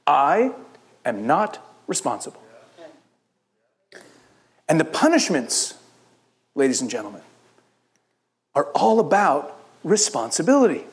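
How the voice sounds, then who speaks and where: A middle-aged man from Israel, a rabbi giving a sermon-style Bible teaching to a church audience, telling the story with lively asides and acting out the characters' lines. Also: fairly high pitch. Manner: animated storytelling, acts out the biblical characters in quoted voices.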